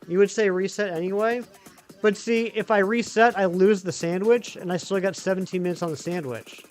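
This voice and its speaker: A man live-streaming a video game, chatting excitably with his viewers. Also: high voice, moderate pace, soft background music. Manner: chatty, excitable, talks to chat. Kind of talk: live gaming stream chat.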